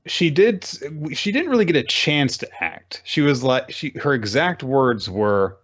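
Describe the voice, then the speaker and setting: Animated man recapping manga. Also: mid-range voice, unhurried, lo-fi sound. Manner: animated storytelling, acting out characters' lines. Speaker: manga podcast co-host. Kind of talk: casual chapter recap chat.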